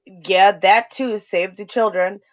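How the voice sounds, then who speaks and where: A woman from North Dakota co-hosting a casual livestream chat, talking in quick bursts. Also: mid-range voice, fairly even intonation, crowd noise. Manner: chatty, talks fast in bursts. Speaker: co-host. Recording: dull lo-fi stream audio.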